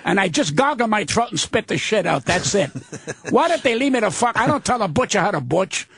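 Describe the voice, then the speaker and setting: A man's voice: high-pitched, very animated, a little fast, vocal fry, fairly bright tone, husky, no room sound, clean studio sound. An older man, a comedian guest on a radio talk show, ranting combatively and cursing freely.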